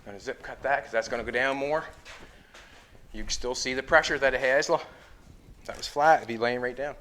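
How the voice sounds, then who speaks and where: Speaking at a fairly quick clip in a bright, forceful mid-range voice, a Canadian man hosts a car-building show and explains his metalwork as he goes. It's hands-on build commentary from a metal fabricator in a car workshop, with a little hiss or hum on the recording.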